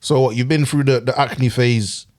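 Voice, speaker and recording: A man's voice: medium pitch, fairly even intonation, darkish tone. Jokey male podcast host. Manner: eager, jokey, fires quick follow-up questions. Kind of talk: casual interview chat.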